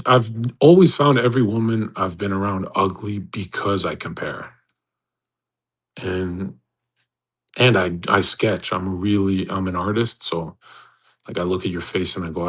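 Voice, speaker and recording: A man's voice: low voice, a little slow, pauses often, a bit bright, breathy edge, low-quality recording. A man hosting an online audio room, talking in a boastful, provocative and preachy way with lots of restarts. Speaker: host of a live audio chat room. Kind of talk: casual rambling monologue.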